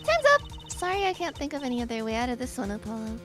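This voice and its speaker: A cheeky young stage magician, voiced by a woman in a game fan dub, high and bubbly with a swooping, lively pitch. Her delivery is mischievous and bright, with a soft game soundtrack behind. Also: fast talker, soft background music. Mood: apologetic. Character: cheeky teenage girl magician.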